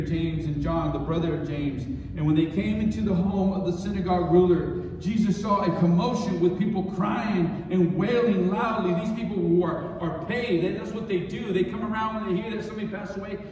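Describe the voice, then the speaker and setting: A male pastor preaching a sermon, swinging between soft and loud, often repeating key phrases for emphasis. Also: high voice, a little hiss or hum. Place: church sanctuary. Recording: echoey church hall, mic at a distance.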